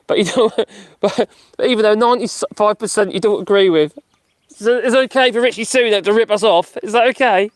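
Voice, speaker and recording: A middle-aged man with a high voice talks fairly quickly as he hosts a casual live stream, reading out chat comments with frequent laughter and mocking asides. The sound is clean studio quality with no room sound.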